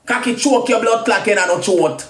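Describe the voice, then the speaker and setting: A Jamaican woman ranting crudely on a live video, trading loud insults and singsong taunts. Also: fairly high pitch, moderate pace, soft background music. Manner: loud crude cussing, sing-song taunts. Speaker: social media personality. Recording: roomy echo.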